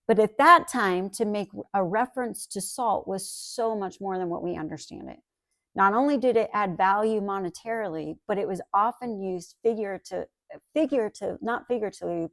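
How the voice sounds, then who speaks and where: A woman's voice: medium pitch, fairly quick, gravelly, fairly bright tone, no echo, studio quality. Earnest woman giving a sermon. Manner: earnest, emphatic, conversational asides. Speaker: Bible teacher.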